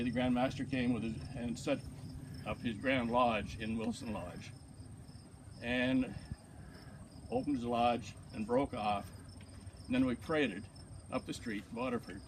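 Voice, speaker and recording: A man's voice: mid-range voice, background noise. A man giving informal acceptance remarks to a gathering, telling stories and a joke in a folksy way. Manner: folksy storyteller, telling a joke with quoted voices. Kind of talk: casual speech to a gathering.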